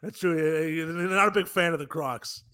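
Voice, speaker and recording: Bright-voiced joking male show host. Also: a little high, normal speed. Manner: jokey, laughs often. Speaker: podcast host. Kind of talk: casual sports chat.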